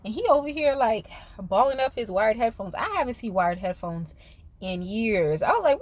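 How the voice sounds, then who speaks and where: A woman's voice: mid-range voice, animated, normal speed. A woman giving a casual, profane recap of a reality show, laughing often and talking straight to her viewers. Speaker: reality TV commentator.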